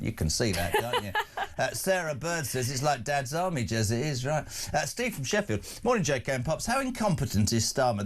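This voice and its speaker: An older man with a British accent hosting breakfast radio, blunt and chatty, reading out listener messages. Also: medium pitch. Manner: blunt, animated, reads listener texts aloud. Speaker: radio host.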